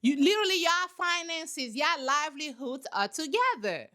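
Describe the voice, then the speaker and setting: A woman's voice: high voice, big pitch swings, normal speed, pushed and bright. A young woman host giving blunt, sassy commentary on a reality show, with laughing asides. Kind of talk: casual reaction commentary.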